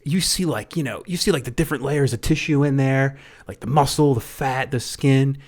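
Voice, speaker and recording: A man's voice: mid-range voice, normal speed, gravelly, a little mellow. A man reviewing a movie in a casual rant, rambling and often stumbling over and repeating his words.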